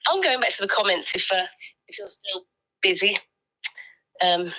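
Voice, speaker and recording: A woman's voice: medium pitch, expressive, normal speed, bright, forceful tone, lo-fi sound. A woman co-hosting a casual livestream, reading out viewer comments in a playful, giggly way with lots of ums.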